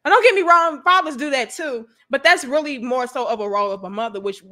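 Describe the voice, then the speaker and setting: Woman host, St. Louis accent, high bright voice, animated and profane livestream talker. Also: quick pace. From St. Louis, USA. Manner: animated, profane, laughs often, riffs on viewer comments. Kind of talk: livestream commentary to viewers.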